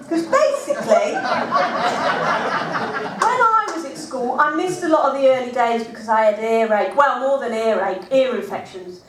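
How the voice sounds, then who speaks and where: A scatterbrained, self-mocking woman, played by an actress rambles through a comic stage monologue. Her high voice leaps around as she talks, heard from a distance in a roomy hall. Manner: chatty, rambling, self-deprecating.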